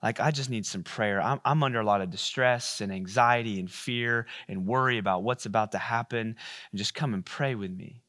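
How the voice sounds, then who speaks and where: A man voicing a distressed, weary teacher pleading softly with friends, during a sermon. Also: moderate pace, no room sound, clean studio sound, natural voice. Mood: anxious pleading. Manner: low, hushed and pleading.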